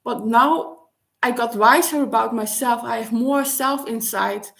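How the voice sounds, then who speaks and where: Her voice is slightly high, a bit bright, and creaky, and she speaks haltingly with frequent restarts while searching for words. She is a vlogger, a native Dutch speaker, musing aloud in a personal monologue.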